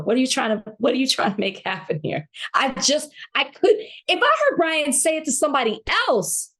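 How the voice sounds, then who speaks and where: Indignant woman with a slightly high voice. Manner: passionate, indignant, restarts and repeats phrases. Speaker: podcast co-host. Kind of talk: heated casual chat.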